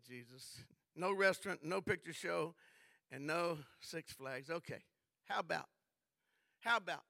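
A male preacher acting out a smooth-talking devil who bargains and coaxes during a sermon. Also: sharp tone, no echo, full character voice. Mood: wheedling. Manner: coaxing sales pitch, bargaining. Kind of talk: acted-out sermon scene.

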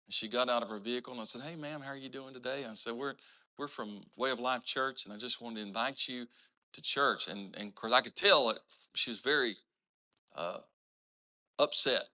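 A man's voice: mid-range voice, a little fast, sharp tone. A man preaching a sermon as pastor, driving his points home with rising emphatic lines and slipping into plain storytelling between them.

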